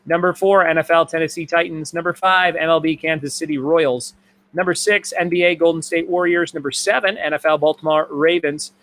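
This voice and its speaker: A man with a slightly high voice hosts a live-streamed trivia night. He reads answers and questions as lists and repeats them for the players. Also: fairly even intonation, brisk, a bit bright. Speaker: trivia host.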